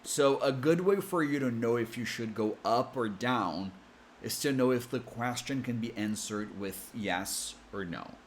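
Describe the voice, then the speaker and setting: A man with an American accent, coaching English pronunciation with slow, careful explanations. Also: medium pitch, slight background noise. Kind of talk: explanatory lesson.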